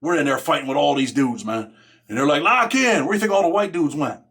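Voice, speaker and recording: A man's voice: fairly high pitch, lively intonation, fast, husky. A man hosting his own show, telling a story in a casual, streetwise, profane way and dropping "man" into nearly every phrase. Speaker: host.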